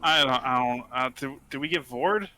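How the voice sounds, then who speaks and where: A man playing a tabletop game, describing his character's actions in a brisk, matter-of-fact way. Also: medium pitch, bright, forceful tone, no room sound. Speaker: player. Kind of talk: casual tabletop play.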